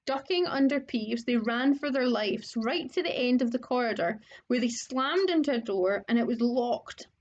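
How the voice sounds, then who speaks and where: Woman narrating a storybook, a little high. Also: normal speed, few pauses. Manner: steady reading, occasional word slips. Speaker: audiobook reader. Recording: dull lo-fi recording.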